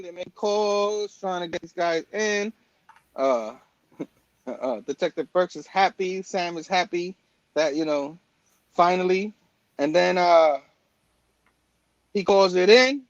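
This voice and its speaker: A man's voice: high voice, no room sound, highs cut off. A man hosting a casual comic book talk show, rambling with lots of fillers and restarts. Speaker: podcast host. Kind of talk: casual chat.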